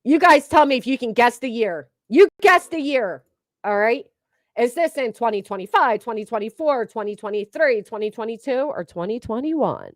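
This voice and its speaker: A woman's voice: on the high side, lively intonation, normal speed, no room sound, studio quality. A woman giving casual reaction commentary on a stream, mocking and sarcastic, swearing freely.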